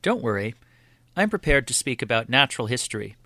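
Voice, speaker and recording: A man voicing a learned, earnest man who explains his ideas in a measured, formal way. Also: medium pitch, big pitch swings, sharp tone, dry recording, heavily acted.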